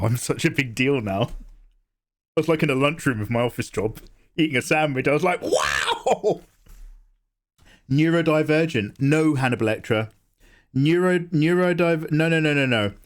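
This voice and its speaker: A young man hosting a live drawing stream, chatting casually, joking, swearing and answering chat as he draws. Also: mid-range voice. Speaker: livestream host, artist.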